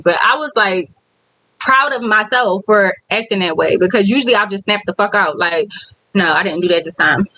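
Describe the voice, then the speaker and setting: A woman's voice: medium pitch, pushed and bright, dry recording, poor audio. Candid woman chatting on a livestream. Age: adult with kids. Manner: candid, chatty, reads viewer comments aloud. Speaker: vlogger. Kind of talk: casual livestream chat.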